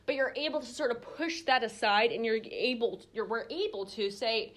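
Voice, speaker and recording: A woman's voice: on the high side, normal speed, hardly any pauses, a bit bright. A young woman teaching a small group Bible study in a conversational way, with lots of fillers and restarts. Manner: conversational, acts out quoted voices, many fillers and restarts.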